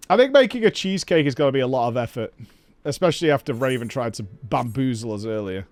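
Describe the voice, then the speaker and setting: Sweary animated man ranting. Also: mid-range voice, fast talker, no room sound, soft background music. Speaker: streamer. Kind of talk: casual stream chat.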